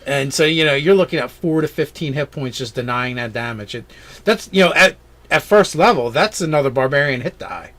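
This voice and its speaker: An enthusiastic man chatting casually about tabletop games, his talk loose and full of slang. His voice sits at an ordinary middle pitch for a man. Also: lively intonation, a little fast, a bit bright. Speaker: co-host. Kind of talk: casual tabletop game chat.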